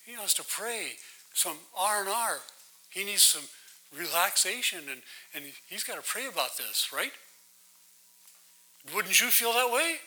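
A man teaches scripture as a pastor, drawing his listeners in with questions and a steady stream of "right?". His voice sits high and sounds very bright. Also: a little slow, long pauses, poor audio. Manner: conversational, keeps asking "right?". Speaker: pastor leading a Bible study. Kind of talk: interactive sermon with questions to the audience.

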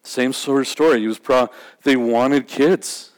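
A man's voice: medium pitch, measured pace. A man preaching a sermon in a conversational way. He often repeats words and restarts his sentences. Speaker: pastor.

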